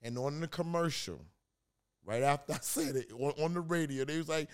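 A man with a New York accent from Queens, cursing freely and telling animated stories in a heated podcast debate. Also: a little high, normal speed, clear, resonant tone. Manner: profane, animated storytelling. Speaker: podcast co-host.

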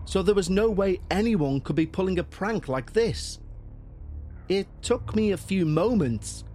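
A man narrating a listener's first-person horror story in a slow, measured storytelling manner. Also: fairly high pitch, darkish tone.

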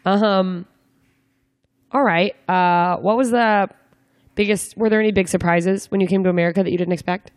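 A woman's voice: mid-range voice, steady tone, moderate pace, no room sound, studio quality. A young woman interviewing a guest in a casual chat, asking rambling, joking questions with lots of fillers. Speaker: interviewer, comedian.

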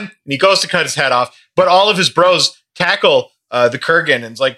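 A man hosting a casual podcast chat, recapping a movie with wry, lively humor and frequent swearing. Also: medium pitch, fairly quick, hardly any pauses.

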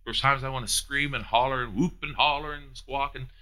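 A man delivers an animated sermon in a folksy, down-home way. His voice is bright and forceful and sits in a middle pitch. He swings from loud, high peaks down to soft, hushed asides. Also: a little fast. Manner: folksy, uses down-home phrasing. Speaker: pastor.

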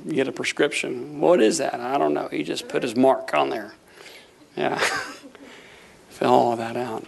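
A man preaching a sermon, telling a story with lively acted-out quotes and frequent laughter. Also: medium pitch, takes it slowly, vocal fry, pauses often. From Florida. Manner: animated, acts out quotes, laughs often. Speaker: pastor.

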